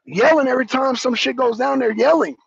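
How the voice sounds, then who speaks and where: High-voiced, gravelly man ranting. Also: fairly quick, no room sound. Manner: loud, profane, mocking rants. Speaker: talk show panelist. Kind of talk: heated live-stream commentary. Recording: dull, dry lo-fi sound.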